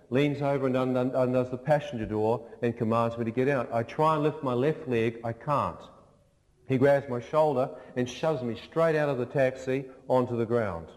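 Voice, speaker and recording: Man, storytelling testimony, vivid, acts out the voices, mid-pitched, echoing church hall. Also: darkish tone. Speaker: speaker giving a testimony. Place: large church. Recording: long reverb in a large church.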